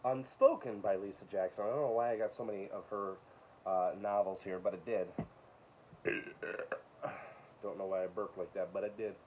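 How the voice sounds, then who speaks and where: A man with a low voice runs through his latest book haul in a relaxed, chatty way, reading off titles and tossing in quick asides. The sound is dull and lo-fi, with a faint hiss underneath. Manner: reads titles aloud with quick asides, chuckles. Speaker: book collector vlogger. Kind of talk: casual show-and-tell of books.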